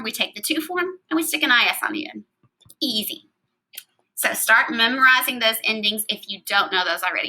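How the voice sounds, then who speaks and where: A young adult woman teaching Spanish grammar in a recorded lecture, explaining step by step in a clear, even way. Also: mid-range voice, poor audio.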